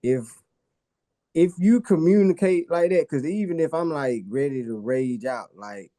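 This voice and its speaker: A male panelist, hesitant and slow to get his point out. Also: on the high side, expressive, mellow. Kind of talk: casual panel discussion.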